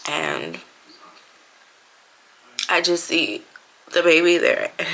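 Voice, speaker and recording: A woman's voice: fairly low pitch, sing-song, slow, vocal fry, fairly bright tone. A woman in her thirties telling a personal story in a casual vlog, chatty and acting out what people said. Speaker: vlogger.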